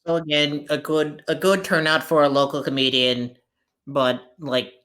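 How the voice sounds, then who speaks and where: A tabletop player who speaks casually and plainly at a middle pitch, laying out plans step by step in a matter-of-fact way. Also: little pitch movement, moderate pace, a bit bright. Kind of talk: tabletop role-play.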